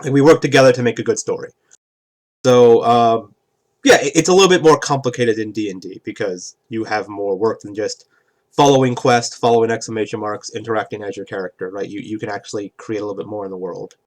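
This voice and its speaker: A man's voice: on the low side, a little fast, darkish tone. Rambling man explaining game rules. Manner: rambling, keeps asking "right?". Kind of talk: casual explanation at a game table.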